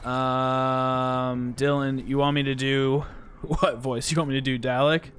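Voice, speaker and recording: A man's voice: medium pitch, level tone, slow, a bit bright, a little hiss or hum. Chatty man streaming over faint gunfire. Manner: chatty, rambling, reads chat aloud. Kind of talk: casual live-stream chat while gaming.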